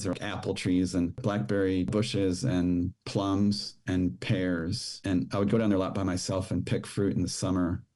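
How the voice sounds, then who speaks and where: A man's voice: fairly low pitch, warm tone. A middle-aged man, a podcast guest, telling his own childhood story with emotion and quoting the people in it. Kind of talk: personal storytelling.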